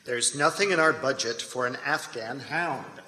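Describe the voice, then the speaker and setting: A man's voice: mid-range voice, a little slow, bright, forceful tone. A man reading the part of a tired, clipped army colonel in his forties in a staged play reading. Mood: weary. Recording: echoey reverberant hall.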